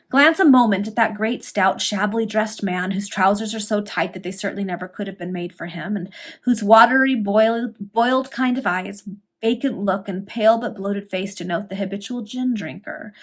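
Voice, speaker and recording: A woman reading a Victorian serial novel aloud, storytelling with lively emphasis. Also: medium pitch. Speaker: reader.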